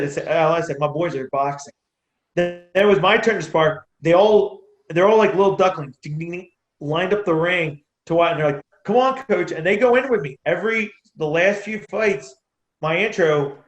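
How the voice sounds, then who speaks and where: A man with a slightly raised voice tells stories about coaching kids at his boxing gym. His talk is animated and full of laughs and restarts. The room around him rings with echo. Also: on the high side. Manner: animated, laughs between anecdotes, restarts sentences. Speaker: amateur boxer and youth boxing coach. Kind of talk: casual interview storytelling. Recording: roomy echo.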